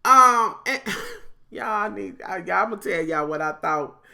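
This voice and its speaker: A woman, recapping a reality show in a sassy, profane, animated monologue to her viewers. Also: medium pitch, a little slow, vocal fry. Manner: breaks into mocking impressions of others.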